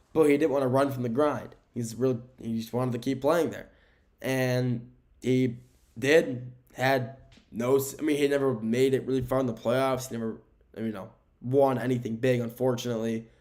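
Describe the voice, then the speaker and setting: Young male podcast host, middle-pitched, casual and rambling, opinionated sports takes, recorded at home. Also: darkish tone. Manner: rambling, opinionated, self-correcting. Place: home room with window blinds.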